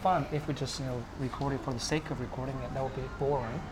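A man, a father, walking outdoors with his child and talking casually, halting and repeating his words. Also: medium pitch, steady tone. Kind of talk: casual walk-and-talk. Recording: loud background noise.

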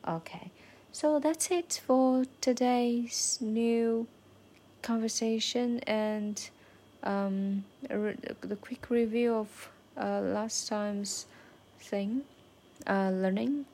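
A woman whose first language is Chinese keeps a casual spoken learning diary, pausing often with fillers and repeating phrases to practise them. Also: mid-range voice, a little mellow.

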